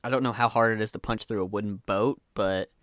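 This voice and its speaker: A man's voice: fairly low pitch, steady tone, fast, fairly bright tone, dry recording, clean studio sound. A man running a tabletop game as game master, narrating in a casual manner with the odd swear word.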